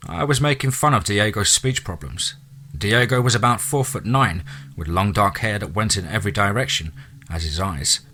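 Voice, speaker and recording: A man narrating a listener's true ghost story in a dramatic storytelling manner, dropping into low asides. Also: moderate pace, bright, forceful tone.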